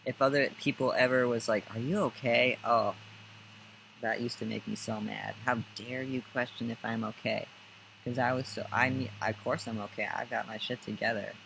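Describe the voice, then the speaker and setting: A young man talking casually to camera about calming down, rambling and laughing often as he gives spiritual self-help tips. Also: mid-range voice, moderate pace, creaky, slight background noise, rough recording. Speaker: spiritual guidance and astrology vlogger.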